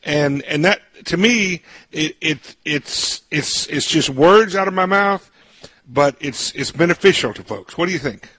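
Bright, husky-voiced folksy radio host. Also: male voice, a little high, expressive, unhurried, dry recording. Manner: folksy, repeats words while searching. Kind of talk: radio interview.

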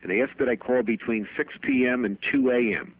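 A man's voice: medium pitch, steady tone, a little fast, no room sound. A middle-aged man, an accountant guest on a radio show, telling anecdotes in a chatty way and laughing at his own stories. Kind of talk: radio interview storytelling. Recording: tinny phone-band radio broadcast.

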